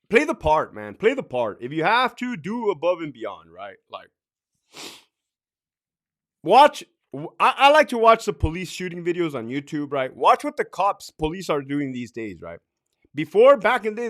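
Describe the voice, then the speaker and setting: A man's voice: fairly high pitch, fairly bright tone. A middle-aged man and former corrections officer giving blunt, profane advice in a casual monologue. He laughs often and acts out other people's lines.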